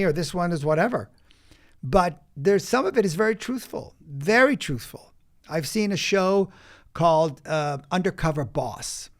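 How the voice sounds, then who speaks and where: A man, an acting coach, speaking as a podcast guest and telling stories in an emphatic, animated way, with quick bursts and restarts. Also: high-pitched. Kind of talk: animated interview storytelling.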